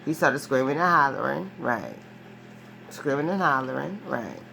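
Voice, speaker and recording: A woman's deep, low, creaky voice carries a loose, conversational tarot reading at normal speed. She's emphatic and swears a lot, restarts and circles back on her phrases, and keeps asking "right?" over a faint background hiss.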